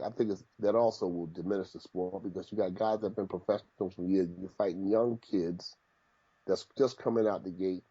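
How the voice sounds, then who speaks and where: A man's voice: low-pitched, slightly rough, lo-fi sound. A man, a boxing trainer, talking casually in an interview and telling stories from the gym, often repeating his phrases. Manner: animated storyteller, repeats phrases.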